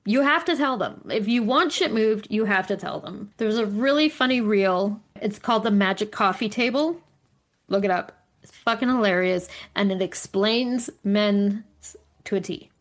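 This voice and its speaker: A woman's voice: mid-range voice, moderate pace. A middle-aged woman chatting casually on a podcast, telling stories animatedly, swearing freely and acting out what others said. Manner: animated storyteller, swears freely, acts out quotes. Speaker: podcast co-host. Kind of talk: casual chat among friends. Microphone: studio microphone.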